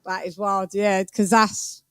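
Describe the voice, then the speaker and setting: London woman host, brisk and chatty, dry close-miked sound. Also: mid-range voice, little pitch movement, a bit bright, smooth, dry recording. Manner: quick-talking, chatty, agreeable. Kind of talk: casual interview chat.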